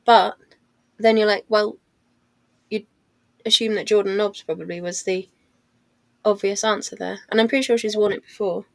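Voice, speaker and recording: A woman's voice: medium pitch, fairly even intonation, normal speed, gravelly, long pauses, no room sound. A woman on a football podcast panel, talking things through in a thoughtful, hedging way. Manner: thoughtful, hedging with "I don't know" and "like". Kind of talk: casual chat.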